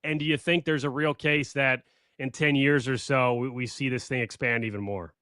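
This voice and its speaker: A man co-hosting a sports radio show, posing quick questions in a casual way. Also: mid-range voice, steady tone, bright, forceful tone, dry recording.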